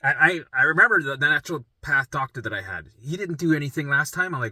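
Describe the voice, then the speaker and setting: A middle-aged man telling his own story in a rambling, profane, animated way, often asking "right?" and jumping into acted voices. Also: fast, few pauses, no echo. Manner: acts out his own past voices in sudden pitch jumps. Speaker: vlogger sharing his recovery story. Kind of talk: casual storytelling monologue.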